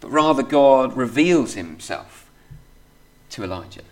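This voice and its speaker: A man's voice: mid-range voice, lively intonation, measured pace. A man preaching a sermon in a conversational way, reading scripture aloud and filling his talk with "kind of" and "you know". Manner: reads scripture aloud steadily.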